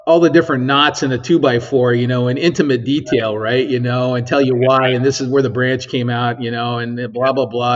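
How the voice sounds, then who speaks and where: Male engineer, casual interviewee; middle pitch, meandering delivery full of fillers, slightly dull recording. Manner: rambling, many ums and tag 'right?'. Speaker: engineer at a physics lab.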